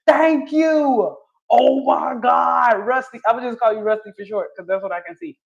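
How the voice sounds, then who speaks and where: A woman's voice: a little high, moderate pace, creaky. Woman, laughs a lot, chatty, casual stream talk, dull lo-fi sound. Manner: laughs often, chatty, answers viewer comments. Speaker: livestream host reading chat. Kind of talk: casual opinion chat.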